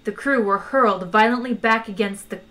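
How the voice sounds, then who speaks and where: A woman reading a comic science-fiction novel aloud in a lively, wry way. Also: mid-range voice, normal speed. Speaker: audiobook reader. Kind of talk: expressive audiobook narration.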